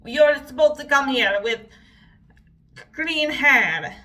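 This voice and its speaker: A woman voicing a curt, mean middle-aged female hairdresser with a put-on Russian accent, slow and blunt. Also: sits high, sharp tone, distant mic, voice pushed up, exaggerated voice. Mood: curt scolding.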